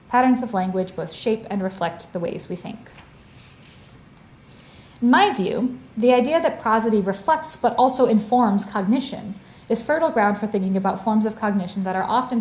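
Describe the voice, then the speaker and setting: A woman lecturing in a room with a noticeable echo. Her pitch sits in the middle range. She talks in a clear, explanatory way and pauses to spell out each term for her listeners. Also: a little mellow. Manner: clear, explanatory, stops to define terms. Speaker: guest lecturer. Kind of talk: academic lecture. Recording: roomy echo.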